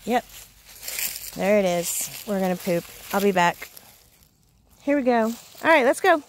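A woman's voice: medium pitch, animated, a little slow, a little hiss or hum. A woman chatting casually on a neighborhood street while walking her dogs, cooing at them and laughing often. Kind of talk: casual chat.

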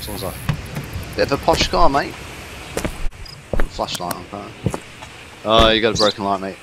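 A man's voice: fairly low pitch, animated, normal speed, noisy background. A man giving comedic, swearing gameplay commentary in a cocky, mock-tough tone. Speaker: gaming commentator.

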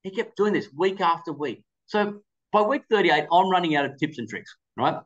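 A man's voice: sits high, expressive, moderate pace, lo-fi sound. A man giving a webinar presentation, telling anecdotes with quoted dialogue. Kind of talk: storytelling presentation.

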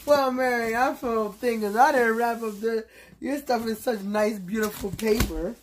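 A woman vlogging casually from her bed, gushing and excitable as she opens a gift box, with lots of fillers. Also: fairly high pitch, normal speed, slight background noise. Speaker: YouTube vlogger. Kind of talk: casual unboxing vlog.

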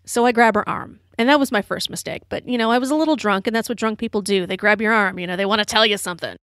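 A woman with a drawl hosts her own show and tells a rambling story full of "you know" fillers. She sounds a little tipsy from her drink. Her voice sits at a middling pitch and is recorded dry and close, with no room sound. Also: fast, fairly bright tone, no room sound. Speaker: podcast host. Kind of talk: casual storytelling monologue.

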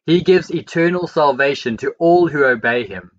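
A man reading the Bible aloud, verse by verse, in a steady and measured way. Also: fairly high pitch, highs cut off. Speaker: Bible reader.

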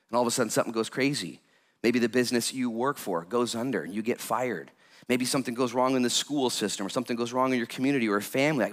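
A man preaching a lively sermon as pastor, jokey and animated, with sudden loud bursts. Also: mid-range voice, fast talker.

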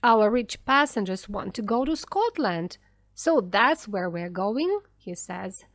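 A woman's voice: medium pitch, lively intonation, slow, no room sound, studio quality. A woman reading a storybook voices an angry, tired and frightened male ship's engineer, raising her voice in exasperation. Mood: exasperated.

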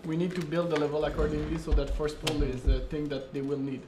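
High-voiced man hosting a design stream. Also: fairly even intonation, quick pace, reverberant, noisy background. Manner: thinks aloud, laughs often. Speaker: game developer and stream host. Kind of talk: live-stream design brainstorming.

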